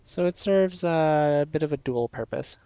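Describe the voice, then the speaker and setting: A man's voice: fairly high pitch, normal speed, mellow, clean tone, no room sound, highs cut off. A man casually commenting on his gameplay, playful and a bit sleepy, chatting to his viewers and the creatures on screen. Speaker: streamer.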